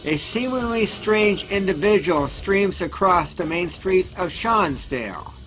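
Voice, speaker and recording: A man narrating a homemade superhero movie in a plain, slightly halting storytelling way. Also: high voice, lively intonation, poor audio. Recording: loud music behind.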